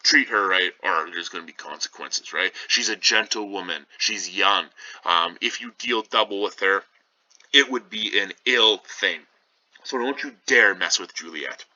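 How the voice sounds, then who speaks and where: Man, teacher, casual lesson summary, plain-spoken, many pauses, dull lo-fi recording. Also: low-pitched, sharp tone, no echo. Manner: plain-spoken, frequent ums and rephrasing.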